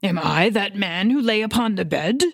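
A woman's voice: mid-range voice, expressive, moderate pace, vocal fry, dry recording, clean studio sound. A woman reading aloud, voicing an old miser man who pleads with a ghost in a rising, desperate voice. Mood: desperate pleading. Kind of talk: audiobook reading.

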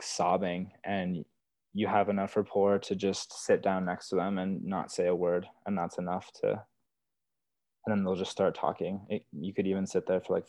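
With a low, darkish voice marked by vocal fry, a young man casually and earnestly relates experiences from guiding wilderness therapy for a podcast. He says "like" and "you know" constantly, and there's no room sound at all.

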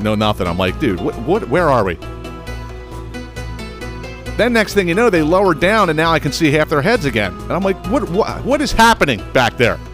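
A man from the United States hosting a podcast, telling a comedic story in a profane, animated way with stammering restarts. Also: medium pitch. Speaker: podcast host.

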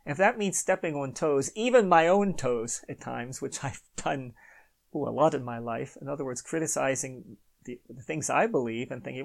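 Gravelly opinionated man hosting a podcast. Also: mid-range voice, moderate pace. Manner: opinionated, rambling, chuckles often, apologetic asides. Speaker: podcast host. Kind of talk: unscripted solo podcast monologue.

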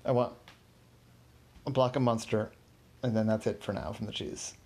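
Storyteller voices a nervous, over-apologetic young man with a gravelly, stammering delivery. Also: on the low side, fairly even intonation, normal speed, darkish tone. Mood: anxious. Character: nervous anxious young man moving house.

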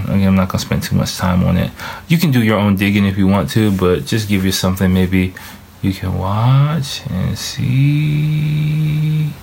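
A man's voice: sits low, vocal fry, darkish tone, slight background noise. A man in a casual solo monologue, rambling with heavy swearing and thinking aloud as he searches online. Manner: stops to search charts online while talking.

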